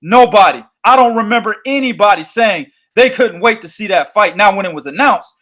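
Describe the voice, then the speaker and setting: A man hosting a boxing podcast, telling stories in an animated, profane way. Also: sits high, brisk. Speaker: podcast host. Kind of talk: casual boxing podcast chat.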